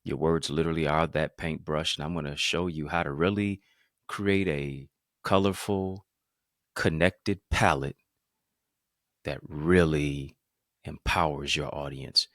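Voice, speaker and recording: A motivational speaker and podcast host delivers an energetic talk to a live-stream audience, punching key phrases emphatically and repetitively while urging listeners to respond in the chat. His very deep voice moves at an unhurried pace, captured in a dry, studio-quality recording.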